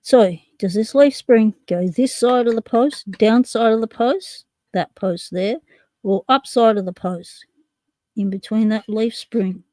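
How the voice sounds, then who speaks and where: A woman's voice: fairly high pitch, unhurried, dark tone, no echo. A woman hosting a casual live stream, chatting and narrating as she works with her hands and reads comments aloud. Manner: chatty, narrating while tinkering, reading chat aloud. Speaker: livestream host.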